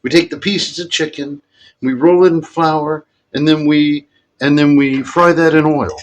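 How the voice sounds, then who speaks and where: A man's voice: a little high, fairly even intonation, measured pace, low-quality recording. A man casually talking through a recipe in his home kitchen, rambling and correcting himself as he goes. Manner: rambling, self-correcting, chatty. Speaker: cooking vlogger. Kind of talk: casual cooking demonstration.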